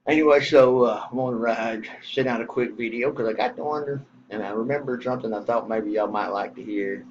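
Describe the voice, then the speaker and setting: A man's voice: medium pitch, fairly quick, a little hiss or hum. Middle-aged Texan man, casual folksy storyteller, slightly muffled recording. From Southern US. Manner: rambling, folksy, swears casually. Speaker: vlogger telling a story.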